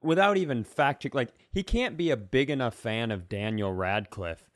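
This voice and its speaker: A man's voice: mid-range voice, animated, moderate pace, no room sound. A man co-hosting a comedy podcast who drops dry, sarcastic quips. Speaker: podcast co-host. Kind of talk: casual comedy podcast chat.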